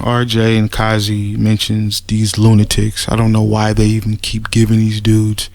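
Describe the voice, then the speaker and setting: A man's voice: on the low side, creaky, no room sound. A man ranting casually in a response video, blunt and profane, stumbling over restarts when heated. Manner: halting restarts, repeats words when agitated. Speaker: commentator making a response video. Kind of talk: casual spoken rant.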